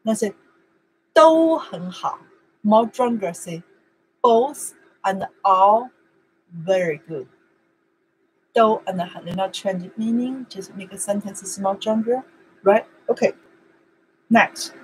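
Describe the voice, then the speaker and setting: A woman's voice: medium pitch, slow pace, long pauses, slight background noise, poor audio. A woman whose first language is Chinese, teaching an online language lesson in simple, broken English and repeating words over and over for practice.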